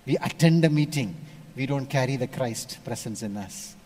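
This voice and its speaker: A man from India, preaching a sermon and telling stories, switching between loud emphasis and hushed asides. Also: mid-range voice, normal speed. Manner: storytelling, animated shifts between loud and hushed.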